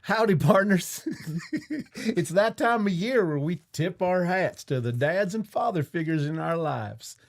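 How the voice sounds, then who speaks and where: A man putting on a folksy cowboy voice for a Western-themed stream intro, drawling slowly through corny dad jokes. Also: medium pitch, very animated, warm tone, slightly rough, heavily acted. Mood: hammy. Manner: slow drawling delivery with corny punchlines. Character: folksy adult male cowboy host telling dad jokes.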